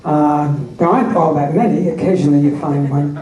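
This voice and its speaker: A man's voice: on the high side, fairly even intonation, brisk, warm tone, slight background noise. A man answering audience questions as a guest at a fan convention panel, telling wry anecdotes. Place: large convention hall. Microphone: recorded from the audience. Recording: echoey hall recorded from far off.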